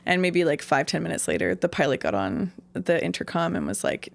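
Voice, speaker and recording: Woman, from Canada, interview guest, rambling anecdotes, gravelly. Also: low voice, very animated, a little fast, hardly any pauses, dry recording. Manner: rambling storytelling, many fillers. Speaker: interview guest, singer-songwriter. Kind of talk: casual interview chat.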